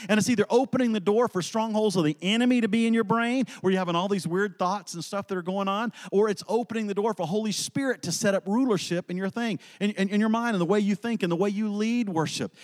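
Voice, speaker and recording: A man's voice: high-pitched, long reverb tail. A man preaching an earnest, emphatic sermon, weaving in personal stories.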